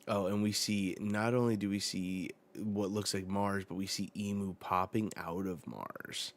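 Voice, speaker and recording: A low-voiced man hosts a casual live manga reaction, reading the pages aloud as he goes. He speaks slowly and loosely, with plenty of fillers between his thoughts. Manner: relaxed, rambling, uses many fillers.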